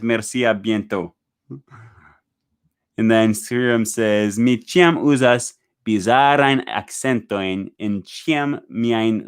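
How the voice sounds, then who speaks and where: Chatty man hosting a livestream. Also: on the low side. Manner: relaxed, chatty, many fillers, reads comments aloud in several languages. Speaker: livestream host. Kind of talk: casual livestream chat reading viewer comments.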